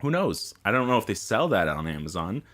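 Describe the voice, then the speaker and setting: Animated, bright-voiced male podcast host. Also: fairly low pitch, fairly quick. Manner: joking, animated. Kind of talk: casual podcast banter. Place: bedroom.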